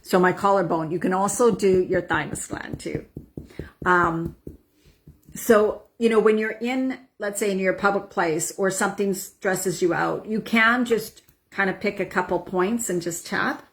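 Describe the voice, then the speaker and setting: A woman in her forties, a wellness coach, calmly guiding a tapping practice and checking in with "right?" and "okay?". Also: mid-range voice, a little slow. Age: 40s. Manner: soothing affirmations with frequent "right?" and "okay?". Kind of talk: guided self-help demonstration.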